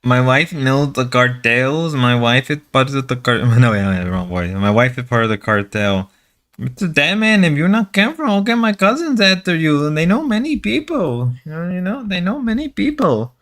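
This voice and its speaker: A bossy, threatening Mexican wife, put on by a man in a thick Mexican Spanish accent. She scolds in broken English with a lively, swooping pitch and warns of trouble. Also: moderate pace.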